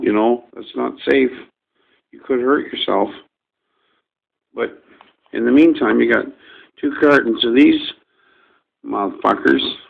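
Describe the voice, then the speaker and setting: A man's voice: mid-range voice, creaky, lo-fi sound. A man ranting to camera in a rambling, folksy, profane way, as a vlogger airing his gripes.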